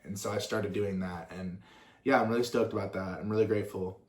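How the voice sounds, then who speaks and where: A man's voice: low-pitched, fairly even intonation, fairly quick. Rambling young man in a roomy space. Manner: rambling and swearing, full of fillers and tangents. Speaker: musician and content creator. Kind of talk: casual Q&A chat. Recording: roomy echo.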